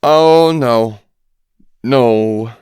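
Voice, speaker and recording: A man's voice: medium pitch, big pitch swings, normal speed, no echo, studio quality, voice pushed up. A man voicing a teenage girl who is distressed and indignant, in a solo-acted audiobook. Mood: sickened. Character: Rachel, upset teenage girl.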